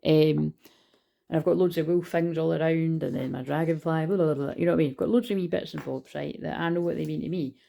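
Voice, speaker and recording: A woman's voice: deep voice, steady tone, fast talker, creaky, mellow. A Scottish woman giving a casual, rambling spiritual card reading, chatty and swearing now and then.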